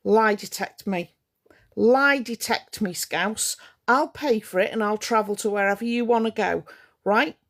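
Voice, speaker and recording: A woman speaking live to her viewers in a heated, confrontational rant. Her voice is gravelly with a steady vocal fry, sitting at an ordinary middle pitch. She keeps repeating her points to drive them home. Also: a little slow. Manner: confrontational, indignant, repeats for emphasis. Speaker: live streamer.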